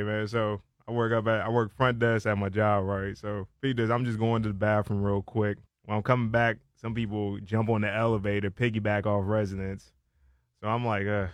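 A man's voice: fairly low pitch, dry recording. DC-accented man telling a wild story. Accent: Washington DC area. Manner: animated, acts out voices of people in his story. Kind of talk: casual storytelling chat.

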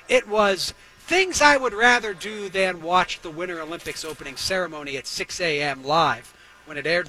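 Sarcastic male host, high voice with a very bright edge, comic rant. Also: low-quality recording. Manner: sarcastic, riffing, exaggerating for laughs. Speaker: radio show host. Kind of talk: comedic talk-show rant.

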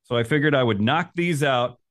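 Male podcast host, mid-pitched, upbeat, chatty, asks questions. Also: fairly quick, a bit bright. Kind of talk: casual podcast interview.

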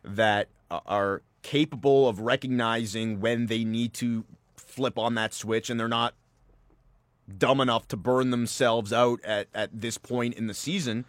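Man, mid-pitched voice on a dry close mic, relaxed sports podcast co-host. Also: a little slow, no echo. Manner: relaxed, laughs easily, asks "right?". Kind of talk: casual sports podcast chat.

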